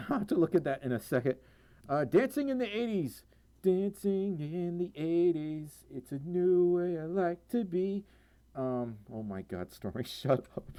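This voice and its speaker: A man's voice: medium pitch, darkish tone. A young man from Mississippi, hosting a casual livestream, answering viewer questions in a rambling, self-deprecating way with lots of ums and laughs. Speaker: livestream host.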